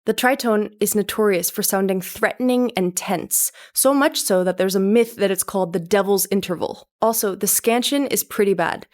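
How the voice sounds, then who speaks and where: A woman's voice: mid-range voice, normal speed, few pauses, darkish tone. Wry young woman doing music commentary. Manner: wry, sarcastic, laughs often. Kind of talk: video commentary.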